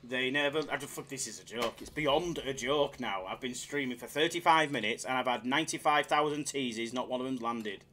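A man chatting casually on his live slots stream, excitable and self-mocking, swearing freely as he reads the chat. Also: mid-range voice, fairly quick, hardly any pauses.

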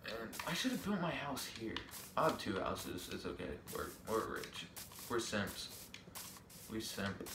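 This young gaming vlogger has a lowish voice with big pitch swings and a measured pace, picked up off-mic in an echoey room with background noise. Jumpy and given to joking self-talk, he yelps and shrieks whenever startled during his casual commentary.

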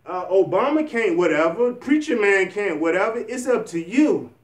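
A young man with a fairly high voice talks in a rambling, earnest, encouraging way, often restarting his sentences. He sits a bit away from the mic, so the room echo comes through. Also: expressive, moderate pace, recorded from a distance. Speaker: vlogger. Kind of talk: motivational vlog talk.

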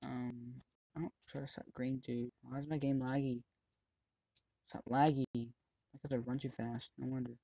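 Excitable gamer yelling at teammates. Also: mid-range voice, moderate pace, gravelly, long pauses, dry recording. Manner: excitable, yells at other players; chatty running commentary on the game. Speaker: gaming channel host. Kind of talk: let's-play commentary.

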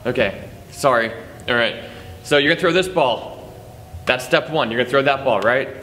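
A man's voice: mid-range voice, moderate pace, long pauses, pushed and bright. Jokey man teaching juggling. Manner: jokey, chatty, self-deprecating, counts throws aloud. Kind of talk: casual tutorial to camera. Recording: long reverb, faint background noise.

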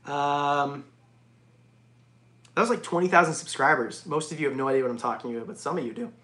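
A man hosting a casual reptile livestream, jokey and excitable, often breaking into laughs. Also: fairly high pitch, fairly quick. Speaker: reptile channel host. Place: home reptile room. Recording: echoey room.

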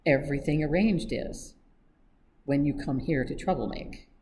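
A reader puts on a pompous older foreign baron from a storybook, speaking in stiff, formal sentences with twisted word order. The voice is mellow and fairly dark. There is a faint hiss behind it. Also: mid-range voice, moderate pace, lightly acted. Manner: stilted formal speech with scrambled word order. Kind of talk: read-aloud audiobook acting.

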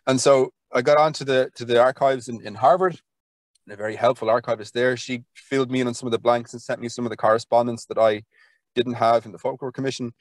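A man's voice: mid-range voice, steady tone, quick pace, dry recording. An Irish man talking as an interview guest, enthusiastic and rambling, with lots of fillers and restarts. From Ireland. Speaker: podcast guest, folklore archivist. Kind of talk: conversational interview.

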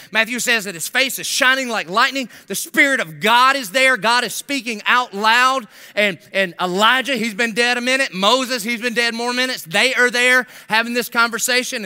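A middle-aged male pastor preaches in a high-pitched, pushed, bright voice. He tells stories animatedly, acting out the characters' voices and throwing in slangy jokes.

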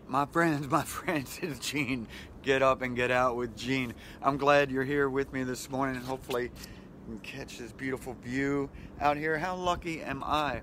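A middle-aged man talks into his phone outdoors by the water, rambling in a friendly way and chuckling often. His voice sits at an ordinary pitch for a man. Faint outdoor noise runs under the recording. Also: a bit bright. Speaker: vlog host. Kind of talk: casual motivational vlog. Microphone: handheld phone camera.

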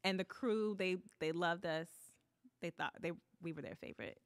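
A woman telling a story in a casual chat, animated, acting out what people said and laughing often. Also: on the low side, normal speed, dry recording, clean studio sound.

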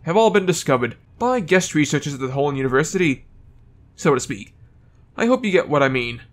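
A man's voice: fairly high pitch, sing-song, fairly quick. A man reading game lines as an eager male professor, stumbling over place names. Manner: reads dialogue aloud, stumbles over names.

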